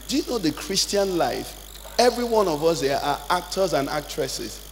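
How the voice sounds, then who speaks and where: A Nigerian man, a pastor, preaching a sermon, swinging between loud, high calls and low, quiet asides. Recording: church hall reverb, faint noise.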